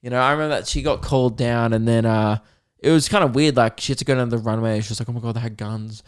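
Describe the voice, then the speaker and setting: A man's voice: medium pitch, fast, clean tone. A young man with an Australian accent hosting a podcast in casual chat, rambling and laughing often as he tells stories. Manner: rambling, laughs often, quotes people in put-on voices. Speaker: podcast host.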